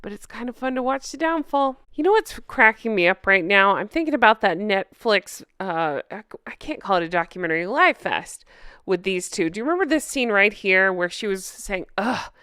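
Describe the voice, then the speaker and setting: Woman host, casual gossip commentary, sarcastic, laughs a lot, smooth voice. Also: medium pitch, lively intonation, normal speed, bright, forceful tone, no echo, clean studio sound. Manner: reads news articles aloud. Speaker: royal commentary channel host.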